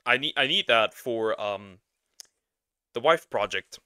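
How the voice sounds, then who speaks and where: A man giving crude, excitable reaction commentary as a streamer. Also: medium pitch, measured pace, no room sound, studio quality.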